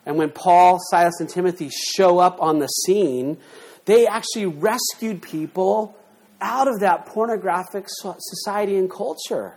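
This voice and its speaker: A man in middle age delivers a sermon with a slightly higher-pitched voice. He is emphatic, pushing rhetorical questions at the congregation and swinging between loud punches and quiet asides. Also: a little slow. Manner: emphatic, rhetorical questions, lively shifts in loudness. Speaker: pastor.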